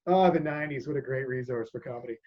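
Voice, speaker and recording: A man in his thirties hosting a casual podcast, telling anecdotes, laughing often and acting out quotes loudly. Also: mid-range voice, fast, a crowd in the background. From Canada. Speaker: podcast host. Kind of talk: casual chat. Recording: muffled lo-fi audio.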